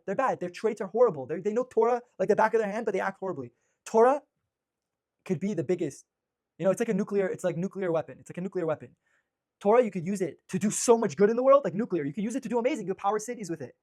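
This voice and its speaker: Male rabbi giving a casual lecture, quick delivery, higher-pitched voice, lots of "you know" and restarts. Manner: energetic, rapid, many restarts and fillers. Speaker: rabbi teaching a class. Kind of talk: informal religious lecture.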